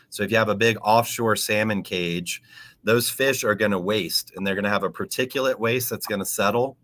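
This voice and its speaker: Forceful low-voiced man explaining aquaponics. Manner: teacherly, spells out terms slowly. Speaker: aquaponics educator and podcast guest. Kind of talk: explanatory interview talk.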